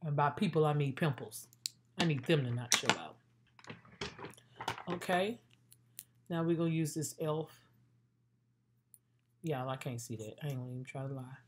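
A woman's voice: low-pitched, moderate pace, long pauses, a little hiss or hum. A woman vlogging her makeup routine in a playful, chatty way, talking straight to her viewers. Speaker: beauty vlogger. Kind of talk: casual makeup tutorial chat.

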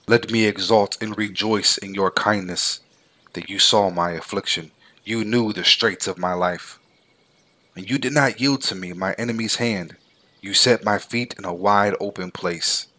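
A man giving a measured, solemn scripted reading of scripture. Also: on the low side, bright, forceful tone. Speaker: scripture reader.

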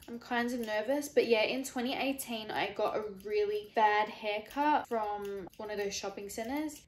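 A woman's voice: mid-range voice, slight background noise. Nervous young woman exclaiming in an echoey room. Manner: anxious, exclaiming, swearing. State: sweating, nervous. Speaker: vlogger. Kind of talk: casual vlog talk. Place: at home, in a room.

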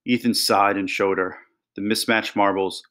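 A man reading a children's story aloud with calm, steady narration. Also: fairly low pitch, normal speed. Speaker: reader.

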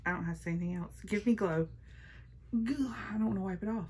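A woman vlogger chatting casually through a makeup haul, gushing and playful, sometimes dropping to a hush. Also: fairly low pitch, fast, breathy edge. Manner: gushing, playful, talks to her palettes.

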